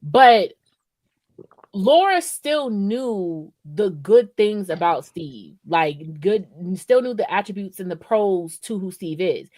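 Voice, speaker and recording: A woman's voice: mid-range voice, expressive, slow, a little mellow, dry recording. A woman co-hosting a podcast in casual, profane chat, rambling and often checking in with "right?". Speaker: podcast co-host.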